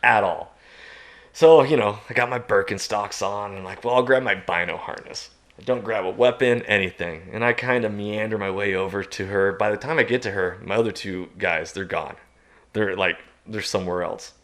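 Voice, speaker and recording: A man, a podcast guest, telling a long outdoor story in a lively way, laughing and jumping into loud high shouts as he acts it out. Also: moderate pace. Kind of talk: animated storytelling.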